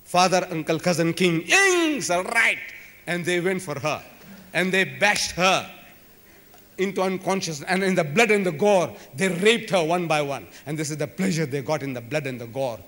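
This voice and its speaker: Speaking at a moderate pace with a fairly high, bright voice, this South African man addresses a live crowd in a big civic hall. His lecture is dramatic and emphatic, packed with repeated phrases and rhetorical flourishes, and the sound echoes around the hall.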